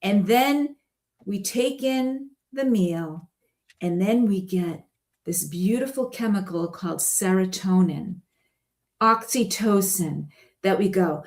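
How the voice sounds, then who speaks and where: A woman guest telling stories in a casual chat, rambling and animated and laughing often. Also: mid-range voice, a little slow.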